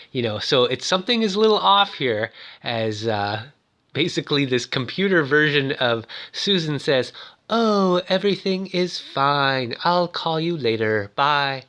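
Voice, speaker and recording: A man's voice: medium pitch, sharp tone. A man giving a rambling, jokey, casual recap of a film as its host.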